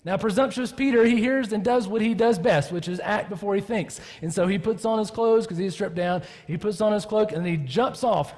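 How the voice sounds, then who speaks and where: Lively male preacher in reverberant church. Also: sits high, a little fast, few pauses. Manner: animated storytelling, acts out the people he quotes. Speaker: pastor. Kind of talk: sermon.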